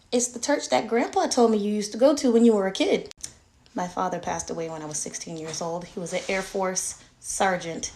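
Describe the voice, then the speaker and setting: A woman's voice: mid-range voice, a little hiss or hum. A mother telling a creepy story about her young son in a chatty, emphatic way, dropping to a whisper for effect. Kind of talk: casual storytelling to camera.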